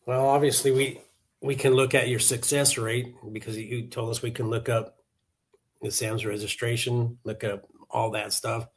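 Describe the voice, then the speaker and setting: A man's voice: mid-range voice, little pitch movement, normal speed. A contractor in his sixties from Colorado, chatting over a video call, rambling and laughing easily as he repeats his words. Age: 60s. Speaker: contractor client. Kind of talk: casual video call chat.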